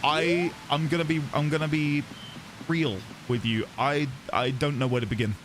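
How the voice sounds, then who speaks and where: A British man streaming a video game, chatting casually with his viewers, quick to laugh and self-deprecating. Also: fairly high pitch, steady tone, background noise. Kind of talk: casual live-stream chat.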